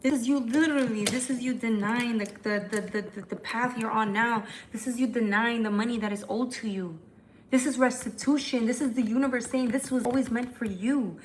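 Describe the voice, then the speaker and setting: A woman's voice: a little high, steady tone, slight background noise. Chatty woman reading tarot live. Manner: chatty, fast, repetitive restarts. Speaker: tarot reader.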